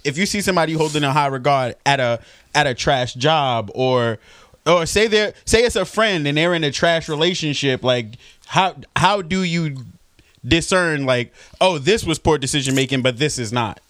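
A man co-hosting a podcast in casual chat, joking and asking measured questions. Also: fairly high pitch, animated, fairly bright tone, no room sound. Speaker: podcast co-host.

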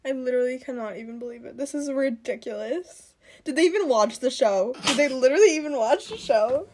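A woman's voice: high-pitched, expressive, brisk. A woman co-hosting a podcast in casual chat, dramatic, repeating "literally" and laughing often. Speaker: podcast co-host.

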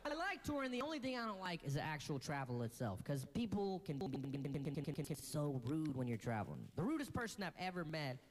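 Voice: medium pitch, big pitch swings, quick pace, hardly any pauses, soft background music. A stand-up comedian telling travel stories, with a strong stutter that repeats words many times. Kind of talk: stand-up routine.

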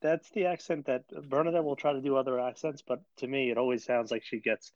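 A man's voice: mid-range voice, fast, a little mellow, no room sound. A man in casual podcast chat, easygoing and laughing often. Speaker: podcast co-host. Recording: dull lo-fi mic with faint noise.

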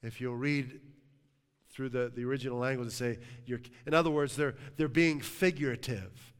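Animated storytelling pastor in a reverberant hall. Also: male voice, mid-range voice, normal speed, smooth. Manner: animated storytelling, jokes and laughs with the congregation. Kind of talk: sermon. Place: church sanctuary.

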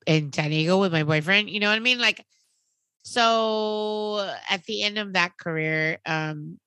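A woman in her thirties, podcast co-host, chatting casually and telling an animated story, acting out what others said. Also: mid-range voice, a little slow, smooth, no echo. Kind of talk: casual chat.

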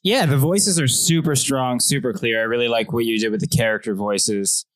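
A man's voice: medium pitch, moderate pace, dry recording. A man giving enthusiastic, loose notes on a comedy sketch.

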